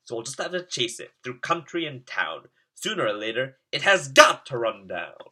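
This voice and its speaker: Guy doing a brave little knight, earnest and determined, bright husky voice. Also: medium pitch, big pitch swings, moderate pace, exaggerated voice. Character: brave small young male knight.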